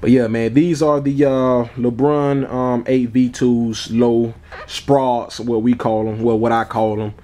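A man talks casually in a sneaker vlog, relaxed and easygoing, with a middle-pitched voice. He often tacks on "man" and "you all", and he chuckles as he goes. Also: takes it slowly. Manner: laid-back, repeats "man" and "you all" a lot. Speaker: sneaker vlogger. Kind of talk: casual chat.

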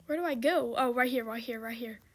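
A woman's voice: a little high, fairly quick. A young woman giving casual, exclamatory commentary while playing a game, often frustrated and laughing. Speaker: gamer.

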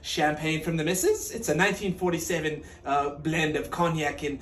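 A man's voice: a little high, lively intonation, moderate pace, fairly bright tone. Guy doing a fancy waiter who won't stop talking, pompous, echoey room. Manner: pompous, rambling improvised patter. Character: overly chatty showy gala waiter.

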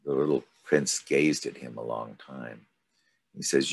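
A man leading a study group, reading aloud from a story and commenting on it in an unhurried, thoughtful way. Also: extremely low pitch, fairly even intonation, vocal fry, slightly rough. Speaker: study group discussion leader.

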